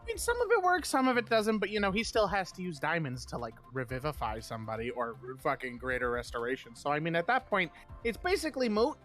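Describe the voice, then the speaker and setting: A player in a tabletop game, talking in a rambling, animated way and swearing freely. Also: mid-range voice, fast talker, soft background music.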